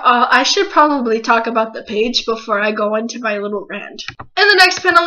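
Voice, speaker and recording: Excitable swearing woman with a bright voice. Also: high-pitched. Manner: emotional, excitable, swears freely. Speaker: manga reviewer. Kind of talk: casual video review. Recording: dull lo-fi recording.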